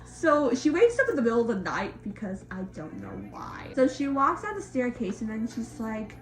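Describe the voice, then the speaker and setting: A woman's voice: on the high side, sing-song, moderate pace, few pauses, faint music behind. A young woman casually retelling a fairy tale for laughs, giggly and sarcastic, slipping into silly voices.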